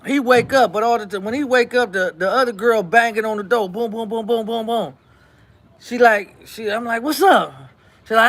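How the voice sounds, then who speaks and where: A man hosting his show, telling a story in casual, animated fashion, acting out quotes and repeating lines for effect. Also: very high voice, moderate pace.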